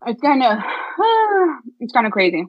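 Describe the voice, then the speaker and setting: A woman's voice: high voice, sing-song, a little slow, slightly rough, dry recording. Joking woman on a dull, dry line. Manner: chatty, slangy, joking. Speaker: podcast co-host. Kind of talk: casual chat.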